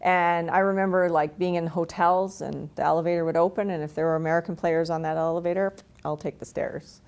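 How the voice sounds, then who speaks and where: Her voice runs low, smooth, and slightly mellow, with fairly flat intonation and a quick pace. She's a former hockey player from Canada in her forties, giving frank, self-mocking stories and frequent laughs during an interview.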